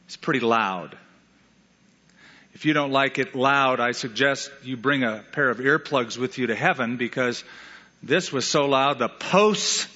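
A man preaching an animated sermon, stressing words through repetition. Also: medium pitch, long reverb tail, lo-fi sound. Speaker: pastor.

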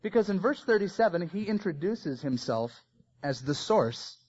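A man preaching a sermon, swinging between loud emphasis and soft, quiet phrases. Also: high voice, big pitch swings, normal speed, slightly rough, highs cut off. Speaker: pastor.

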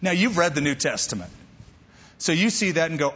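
A man preaching a sermon, animated and talking straight to the congregation. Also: fairly high pitch, a little fast, slightly rough, big-room sound, lo-fi sound. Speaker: pastor.

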